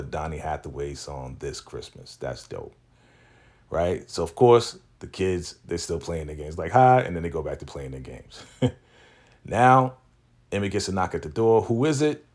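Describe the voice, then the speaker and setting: A man giving a casual, slangy recap of a TV episode, acting out what the characters say. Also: low voice. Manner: laid-back and slangy, acts out characters' lines. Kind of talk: casual spoken recap commentary.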